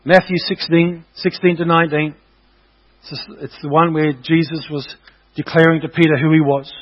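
A man with a notably high voice preaches to his congregation, hammering his points home through repetition. He speaks as a pastor in a church service. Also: level tone, moderate pace, lo-fi sound. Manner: emphatic, repetitive exhortation to the congregation. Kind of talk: sermon.

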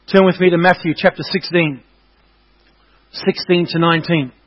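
A man with a notably high voice preaches to his congregation, hammering his points home through repetition. He speaks as a pastor in a church service. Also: fairly even intonation, normal speed, lo-fi sound. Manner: emphatic, repetitive exhortation to the congregation. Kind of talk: sermon.

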